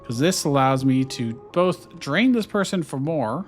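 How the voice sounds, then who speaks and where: A man's voice: a little high, animated, measured pace, faint music behind. A man giving casual let's-play commentary, thinking aloud and musing over his choices with fillers. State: hiccuping. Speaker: gameplay streamer.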